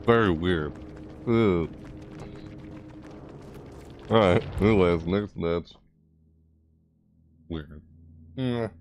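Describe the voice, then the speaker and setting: A man's voice: deep voice, drawn-out words, long pauses, a little hiss or hum. A man giving chatty, casual commentary while playing a video game, reacting aloud and talking to himself. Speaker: gaming YouTuber.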